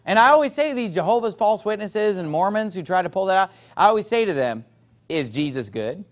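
A man's voice: high-pitched, brisk. A man preaching, quoting King James scripture and animatedly acting out the voices of people he argues with. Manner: animated, acts out opponents' voices.

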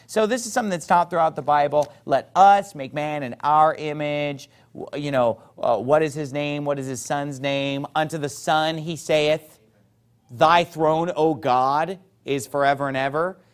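A man's voice: fairly high pitch, a little slow, clear, resonant tone. A man preaching, quoting King James scripture and animatedly acting out the voices of people he argues with. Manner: animated, acts out opponents' voices.

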